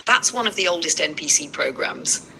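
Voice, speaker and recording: Woman, very bright tone, steady coaching manner, faint noise behind. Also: low voice, moderate pace, gravelly, poor audio. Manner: steady, matter-of-fact advice. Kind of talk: calm motivational coaching.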